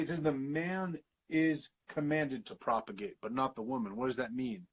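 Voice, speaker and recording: A man hosting a casual Bible study over a video call, slowly sounding out Hebrew words and explaining them with the odd curse. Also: medium pitch, husky, low-quality recording. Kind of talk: casual teaching livestream.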